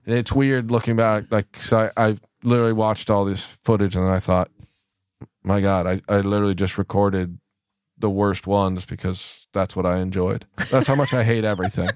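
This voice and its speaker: Man, comedian, podcast host, casual joking banter, smooth resonant voice, dry close sound. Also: on the low side, steady tone, normal speed, a little mellow, no echo. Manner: joking, slips into put-on accents and impressions. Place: podcast studio.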